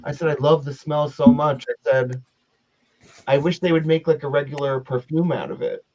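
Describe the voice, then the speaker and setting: A man's voice: fairly high pitch, fairly even intonation, normal speed, darkish tone. A man co-hosting a casual chat, telling a story in a giggly, exaggerated way. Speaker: co-host. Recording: dull lo-fi sound.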